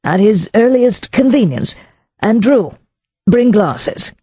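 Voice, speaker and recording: A woman's voice: on the high side, expressive, takes it slowly, dark tone, slightly rough, dry recording, voice pushed up, heavily acted. Woman doing a stern aristocratic old earl. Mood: formal. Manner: formal, courtly, stiff.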